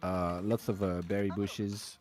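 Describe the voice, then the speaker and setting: A man's voice: on the low side, little pitch movement, measured pace, darkish tone. Laid-back man co-casting. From Belgium. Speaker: co-caster. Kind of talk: live game commentary.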